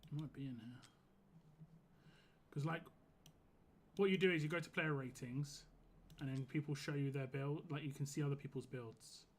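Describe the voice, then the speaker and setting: A hoarse man streaming a game live, giving casual, rambling commentary full of "like". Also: a little high, moderate pace, long pauses. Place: home gaming setup.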